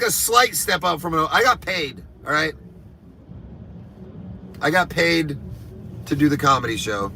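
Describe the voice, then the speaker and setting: A man with a bright, forceful, slightly high voice rants crudely and rambles on a live stream while he drives. Faint car noise hums under his talk, recorded inside the vehicle. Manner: crude, rambling, deliberately offensive. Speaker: comedian. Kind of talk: provocative live stream rant while driving.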